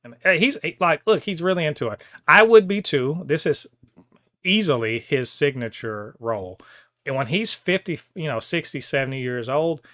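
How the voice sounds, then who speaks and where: A man's voice: fairly high pitch, lively intonation, normal speed, pushed and bright, no room sound, studio quality. A man co-hosting a podcast, ranting in a heated, profane way in casual chat. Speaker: podcast co-host.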